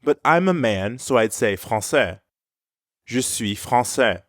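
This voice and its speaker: Man, language teacher, scripted lesson, clear explanations, mid pitch, dry close sound. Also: lively intonation, takes it slowly, a bit bright, no room sound. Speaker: French teacher.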